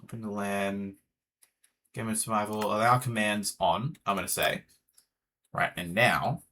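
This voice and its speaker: A man's voice: fairly low pitch, measured pace, long pauses, pushed and bright, slight background noise. An Australian man chatting casually with viewers while streaming a game, rambling as he talks. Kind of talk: casual live gameplay chat.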